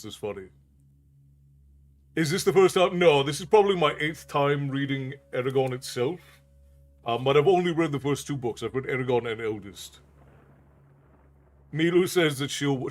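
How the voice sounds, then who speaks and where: A man's voice: medium pitch, normal speed. Chatty male streamer talking with viewers. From New York City. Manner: chatty, laughs often, reads chat aloud. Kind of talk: casual chat with viewers.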